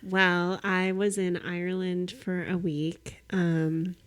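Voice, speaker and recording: Young female co-host, somewhat low voice, casual chatter full of laughs and "like.". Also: level tone, slow. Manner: giggly, chatty, filler-heavy. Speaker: podcast co-host. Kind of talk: casual chat.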